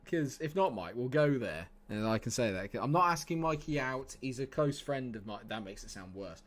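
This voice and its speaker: A man's voice: mid-range voice, animated, normal speed. A young man streaming a football management game, chatting with viewers and breaking into exasperated outbursts. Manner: banter with chat, sudden exasperated outbursts. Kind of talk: casual livestream commentary.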